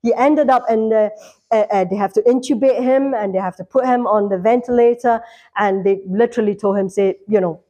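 A woman's voice: medium pitch, fairly quick, mellow. A woman preaching a sermon in a church, fervent, repeating lines for emphasis.

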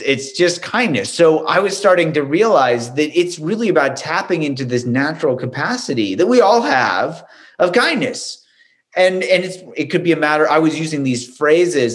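A man, a doctor and author, telling relaxed self-deprecating anecdotes as an interview guest. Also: a little high. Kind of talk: conversational storytelling.

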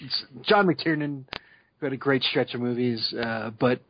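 A man's voice: mid-range voice, measured pace, a little hiss or hum. A man co-hosting a podcast in casual chat, rambling with lots of "like" and laughing as he talks. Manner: rambling, laughing, many likes. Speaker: podcast co-host. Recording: slightly dull dry recording.

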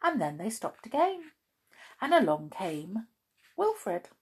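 A woman's voice: a little high, huge pitch swings, slow pace, breathy edge. A woman reading a children's storybook aloud with dramatic gasps, then chatting cheerfully to listeners.

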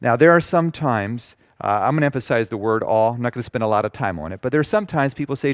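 A man delivers a sermon in a mid-pitched voice, slowing down to stress scripture passages and explaining them plainly. The sound is dry and close, with no room echo. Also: lively intonation. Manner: reads scripture slowly and emphatically, explains plainly. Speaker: pastor.

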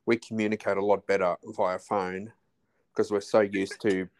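A man's voice: lowish voice, little pitch movement, moderate pace. An Australian man in his forties, a podcast guest talking casually, often restarting and trailing off mid-phrase. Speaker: podcast guest, husband of host. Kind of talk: casual chat.

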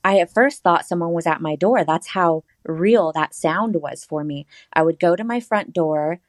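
A woman with a fairly low voice tells a personal story in a casual interview. She is animated and laughs often. The sound is dry and close. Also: normal speed, no echo. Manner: animated, laughs often, quotes herself in a higher voice. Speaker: interview guest.

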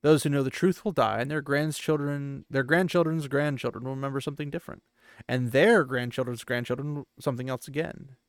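A weathered old gleeman muses quietly about fate and stories, as a man reading aloud gives him voice. The delivery stays close to an everyday speaking voice, at a middling pitch, and the recording is dry and close. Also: fairly even intonation, a little fast, no room sound, natural voice. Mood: wistful. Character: weathered older male gleeman, wistful and musing.

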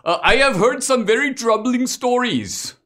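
A man voicing a timid, overly formal immigrant man from India with a high, eager voice. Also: animated, a little slow, fairly bright tone, exaggerated voice. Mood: earnest.

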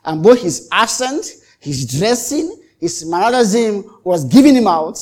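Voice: medium pitch, sing-song, measured pace, a little mellow. A pastor preaching a sermon, repeating and restarting phrases for emphasis and acting out the exchanges he tells. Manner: dramatic, acts out the quoted exchanges.

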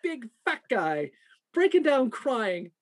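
A podcast co-host telling a work story in casual, profane, animated talk. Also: mid-range voice, slow pace.

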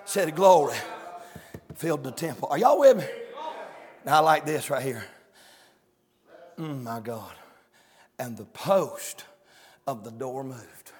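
A male preacher, shouting and chanting a fiery revival sermon in a church, with calls to the congregation. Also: mid-range voice, lively intonation, slow pace, pauses often. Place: church sanctuary. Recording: echoey sanctuary with long reverb.

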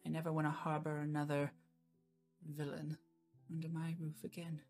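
Woman doing a gentle motherly innkeeper. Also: deep voice, completely flat delivery, normal speed, soft background music. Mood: warm sincere. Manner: gentle, calls people "my dear". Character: kindly female innkeeper, motherly and earnest.

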